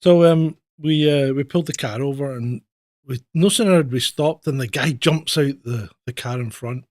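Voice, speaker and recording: A man's voice: medium pitch, normal speed, darkish tone, dry recording. A Scottish man co-hosting a casual talk show, telling stories and acting out the people in them. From Scotland. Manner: storytelling with laughs, acts out quoted voices. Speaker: podcast co-host, former police officer. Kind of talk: casual anecdotal chat.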